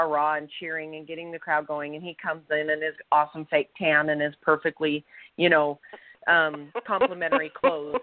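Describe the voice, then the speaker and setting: A woman co-hosting a podcast, telling a personal story with animated, acted-out quotes. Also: lowish voice, dry recording. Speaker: podcast co-host. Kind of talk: casual storytelling. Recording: tinny phone-line sound, dry.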